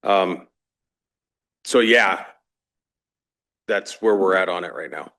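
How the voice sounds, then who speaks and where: A man's voice: deep voice, slow, sharp tone. A man reporting to a council on projects and budgets in a plain, businesslike way with some fillers. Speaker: staff member reporting on projects. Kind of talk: meeting report.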